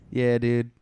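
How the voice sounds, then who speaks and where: A man's voice: mid-range voice, mellow, smooth. A man co-hosting a podcast, riffing on crude jokes and laughing often. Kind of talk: crude casual banter.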